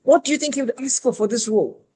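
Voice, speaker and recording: A woman's voice: mid-range voice, lively intonation, brisk, darkish tone, slight background noise, natural voice. A woman voicing an exasperated female recruiter who scolds and lectures a job candidate. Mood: scolding.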